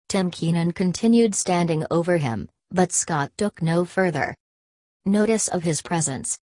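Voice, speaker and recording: Low-voiced woman reading a story. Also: a little slow, mellow, no room sound. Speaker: audiobook narrator. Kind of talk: scripted narration.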